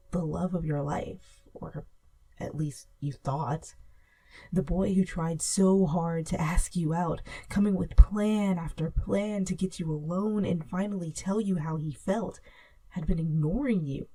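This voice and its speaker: A woman narrating a second-person fan fiction story in a soft, slow storytelling way. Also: on the low side, slightly rough. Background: soft music.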